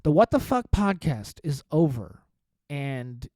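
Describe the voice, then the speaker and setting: A man's voice: on the high side, sing-song, takes it slowly, a little mellow, no echo. Rambling self-mocking man, dry close mic. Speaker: podcast host and stand-up comic. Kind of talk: casual solo podcast monologue.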